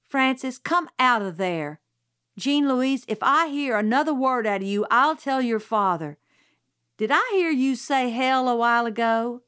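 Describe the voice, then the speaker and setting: A woman's voice: sits high, lively intonation, measured pace, a bit bright, clear, resonant tone, dry recording, clean studio sound, voice pushed up. A woman voicing a stern, prim middle-aged aunt in an audiobook, clipped and scolding. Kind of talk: audiobook character voice.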